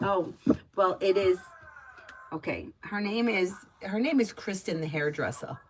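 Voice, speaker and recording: A woman's voice: mid-range voice, measured pace, a little hiss or hum, poor audio. A woman giving tarot readings on a live stream, chatty and giggly as she tells stories between readings. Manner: chatty and giggly, lively storytelling. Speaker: tarot reader.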